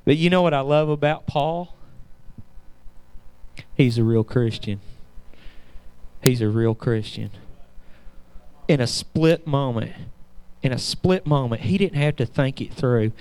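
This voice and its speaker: A man's voice: medium pitch, takes it slowly, long pauses, darkish tone, clear, resonant tone, no echo, rough recording. A man preaching a fervent sermon in a church, calling out to the congregation.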